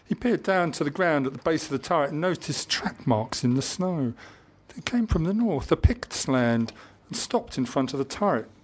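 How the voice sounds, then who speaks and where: A man reading a historical adventure novel aloud in measured audiobook narration. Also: a little high, lively intonation, slightly rough.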